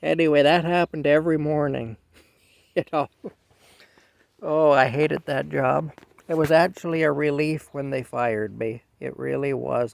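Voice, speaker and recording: A man's voice: mid-range voice, darkish tone, no room sound. A man in his fifties casually telling a rambling, self-deprecating story from his past. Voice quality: gravelly.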